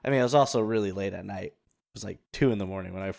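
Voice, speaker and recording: A man's voice: on the low side, rapid-fire, vocal fry, a little mellow. A man hosting a casual film podcast, talking in a rambling way with many fillers and restarts. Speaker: podcast host.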